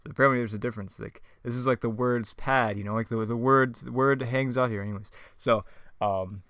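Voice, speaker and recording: A man's voice: mid-range voice, steady tone, brisk, a bit bright, no room sound, studio quality. A man in a casual vlog reading his old scripts aloud, rambling and mocking himself. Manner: rambling, self-mocking, chuckles often. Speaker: YouTuber.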